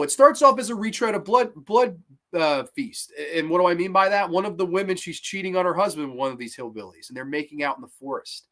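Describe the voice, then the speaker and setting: A man giving a casual review of old horror films, excitable and swearing freely. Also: on the high side.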